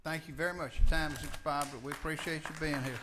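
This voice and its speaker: Man, slightly high voice, formal chair, noisy meeting room recording. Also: fairly even intonation, quick pace. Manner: polite, formal.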